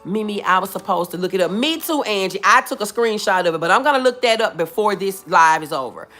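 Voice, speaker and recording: A woman chatting live with her viewers, her pitch bouncing around a lot as she talks. She keeps it casual and affectionate, calling people boo and baby. Faint music plays behind her. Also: animated, fast, fairly bright tone. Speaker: livestream host. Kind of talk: casual live chat reading comments.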